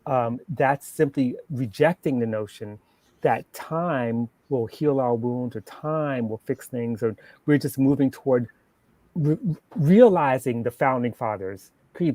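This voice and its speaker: A man's voice: mid-range voice, a little mellow, no room sound. A man speaking as a panel guest in a passionate political discussion, emphatic, stacking points into lists and restarting words as he goes. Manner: emphatic, builds lists, repeats words when starting.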